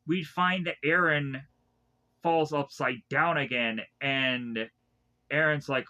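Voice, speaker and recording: A man casually recapping anime episodes in a rambling way, with many restarts, who keeps breaking into animated impressions of the characters. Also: fairly high pitch. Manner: rambling, loosely retells scenes with many restarts; acts out characters' lines in a quick, animated way. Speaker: anime reviewer.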